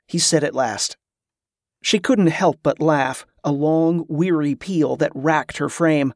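An audiobook narrator reading a fantasy story in a steady, even way. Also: medium pitch, unhurried, no echo, studio quality.

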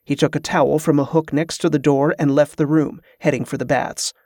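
A man's voice: fairly high pitch, no room sound, clean studio sound. Man narrating a fantasy audiobook. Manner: steady, measured storytelling.

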